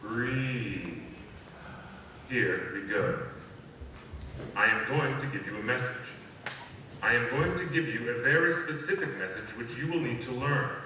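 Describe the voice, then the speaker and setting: A man playing a calm, secretive guide. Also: mid-range voice, slight background noise, close to an everyday voice. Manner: measured, deliberate, hypnotic instruction. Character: calm, secretive male guide giving instructions. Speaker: phone play narrator. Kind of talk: scripted audio play monologue. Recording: echoey hall, voice from far off, faint ambience.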